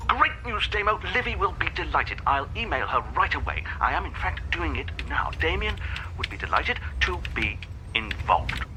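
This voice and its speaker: A man's voice: a little high, sing-song, normal speed, background noise. An actor playing a breezy, chummy, scatterbrained male agent.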